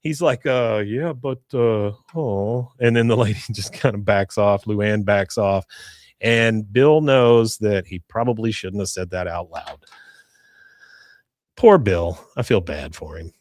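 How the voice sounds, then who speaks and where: A male podcast host recapping a cartoon episode in a casual, animated way, acting out the characters' lines. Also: lowish voice, a little slow, dry recording, clean studio sound. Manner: animated storytelling, acts out lines.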